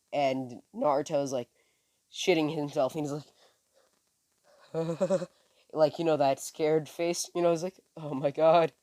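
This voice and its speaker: A man's voice: fairly high pitch, a little mellow, no echo. A man casually retelling a fan story, rambling with many fillers and self-corrections, recorded on a phone. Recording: dry close phone recording.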